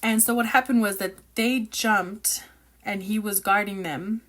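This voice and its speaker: A woman chatting casually about a novel she is reading, excitable, opinionated and rambling as she reacts. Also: mid-range voice, a little slow. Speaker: book reviewer reacting while reading. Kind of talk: casual book reaction chat.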